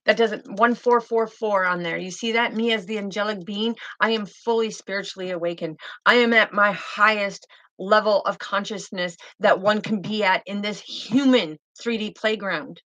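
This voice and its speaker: A woman's voice: mid-range voice, moderate pace, few pauses, fairly bright tone, dry recording, highs cut off. Fervent woman preaching her calling. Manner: fervent and insistent, repeats key phrases; blunt, swears now and then. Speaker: spiritual healer vlogger. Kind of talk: emphatic spiritual monologue.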